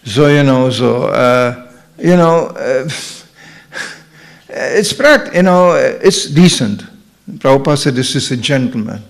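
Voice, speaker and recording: A man's voice: medium pitch, expressive, slow pace, creaky, long pauses. An older man teaching as a spiritual lecturer, giving a humorous sermon and acting out the voices he quotes. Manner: jokey, acts out quoted voices.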